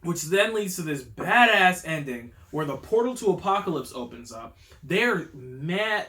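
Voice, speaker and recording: A man hosting his own channel, telling a movie review in a casual, slangy way and getting worked up with excitement. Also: on the high side, measured pace, hardly any pauses. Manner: slangy, enthusiastic storytelling. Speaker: YouTube channel host.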